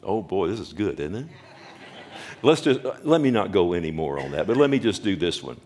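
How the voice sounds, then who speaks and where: A man's voice: deep voice, big pitch swings, brisk, a little mellow. A man preaching a sermon as pastor, emphatic and repetitive, calling out for the congregation's response.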